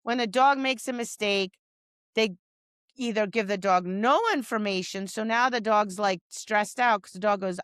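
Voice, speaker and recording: A woman's voice: medium pitch, moderate pace, fairly bright tone, smooth, dry recording. A woman dog trainer co-hosting a podcast, talking casually and animatedly, acting out her dog's replies and scolding owners with exasperation. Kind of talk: casual chat.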